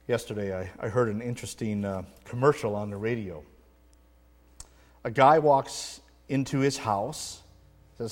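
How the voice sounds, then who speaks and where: A man's voice: medium pitch, normal speed, darkish tone, long reverb tail. A man preaching a sermon with earnest emphasis, telling a story to make his point. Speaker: pastor.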